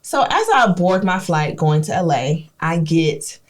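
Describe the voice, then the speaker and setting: A young woman co-hosting a podcast, telling stories in casual chat, animated and swearing, acting out what people said. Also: on the low side, unhurried. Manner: animated, swearing, acts out quotes. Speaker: podcast co-host.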